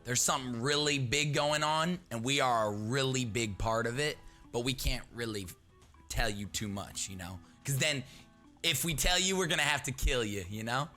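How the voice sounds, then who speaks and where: Joking bright-voiced man player. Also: medium pitch, moderate pace, faint music behind. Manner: joking, flustered, laughs a lot. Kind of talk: in-character tabletop role-play.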